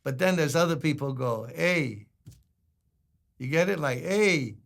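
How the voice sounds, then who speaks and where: A man's voice: medium pitch, brisk, vocal fry. An older man preaching a sermon as a pastor, conversational and humorous, acting out quotes.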